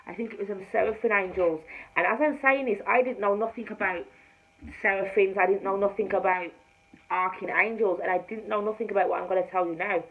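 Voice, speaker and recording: A woman with a Jamaican-tinged accent, a tarot reader, telling her spiritual testimony to camera in an emphatic storytelling manner, swinging between hushed and loud. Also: medium pitch, steady tone, fairly quick. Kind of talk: personal testimony told to camera. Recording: slightly dull recording with faint room ambience.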